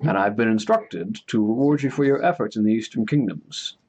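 A man voicing a grizzled elderly male orc advisor, calm and measured, in a tabletop game. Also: lowish voice, breathy edge, lo-fi sound.

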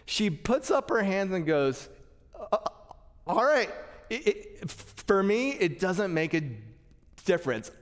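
Man, pastor, sermon storytelling, high voice, stammers on word starts, echoing hall. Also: big pitch swings, takes it slowly. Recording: long hall reverb.

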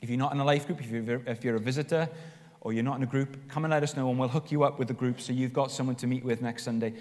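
A man preaching a sermon as pastor, telling stories with animated, rising emphasis. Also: medium pitch, fast. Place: church hall. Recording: long reverb of a church hall.

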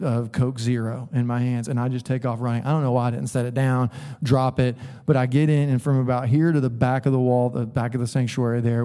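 Man, pastor, sermon, relaxed dark tone, emphatic storytelling. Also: medium pitch. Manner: storytelling with laughs and bursts of emphasis. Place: church sanctuary.

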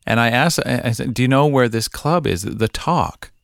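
A middle-aged man with a Canadian accent, hosting a casual podcast interview in a relaxed, chatty way. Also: mid-range voice, normal speed, creaky, slight background noise. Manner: relaxed, chatty, with frequent ums and laughs. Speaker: podcast host.

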